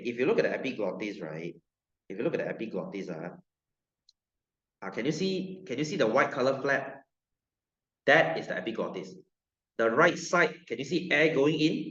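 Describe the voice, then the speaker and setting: A man's voice: medium pitch, fairly bright tone. A male science teacher with a Malaysian English accent lecturing a class, joking, repeating himself and firing questions at students. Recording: roomy classroom, dull lo-fi sound.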